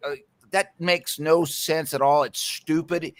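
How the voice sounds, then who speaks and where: A man's voice: fairly high pitch, fairly even intonation, slow, no echo. A man ranting in casual podcast chat, profane and heated, often repeating and restarting his words. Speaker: podcast co-host.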